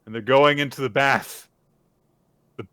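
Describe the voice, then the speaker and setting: A man's voice: medium pitch, measured pace, sharp tone, no echo. A male podcast host casually recapping a manga chapter, storytelling and acting out the characters.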